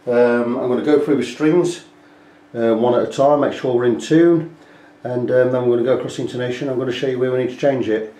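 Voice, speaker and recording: Chatty guitar tech, roomy. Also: male voice, mid-range voice, fairly even intonation, fairly quick, dark tone. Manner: chatty, explains step by step, talks while working. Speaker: guitar repair technician. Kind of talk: hands-on repair walkthrough. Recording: echoey workshop room.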